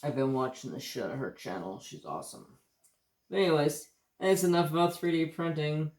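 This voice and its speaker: A man's voice: fairly high pitch, expressive, brisk, a little mellow, echoey room. A man with an American accent hosting a casual livestream chat, rambling and swearing as he tells stories, with hiccups. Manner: rambling, profane, easygoing storytelling. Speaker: craft channel host.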